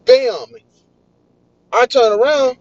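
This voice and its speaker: A young man, excitedly telling a story in casual vlog style. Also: extremely high pitch, slow pace, dry recording. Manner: excitable, animated retelling. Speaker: vlogger. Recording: dull, lo-fi dry recording.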